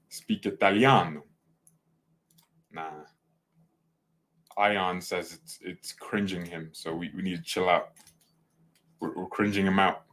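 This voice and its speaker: This fan channel host has a low but fairly bright voice. In his casual livestream he rambles on, correcting himself and making jokes.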